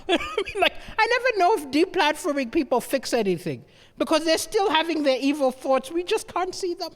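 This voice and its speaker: A man from southern Africa doing a stand-up comedy set on a live stage, telling stories in an animated way, restarting with stammers and tossing in "right?" asides. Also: very high-pitched, moderate pace, in a large hall.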